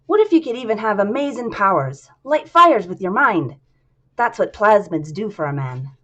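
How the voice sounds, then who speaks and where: A woman voicing a persuasive man with a put-on Irish accent, pitching wonders eagerly. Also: very animated, normal speed, a bit bright, lo-fi sound. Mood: salesy.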